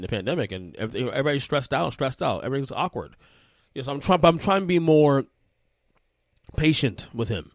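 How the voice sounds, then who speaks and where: Male podcast host, thirties, casual and animated storyteller, dry recording. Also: medium pitch, no echo. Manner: rambling, animated, with frequent restarts.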